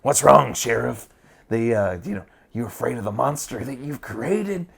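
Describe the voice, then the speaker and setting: A man voicing a menacing male clown cult leader with a put-on Southern accent, in a hushed, taunting drawl. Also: mid-range voice, animated, normal speed, vocal fry, slightly rough, pitched above the performer's own voice, heavily acted.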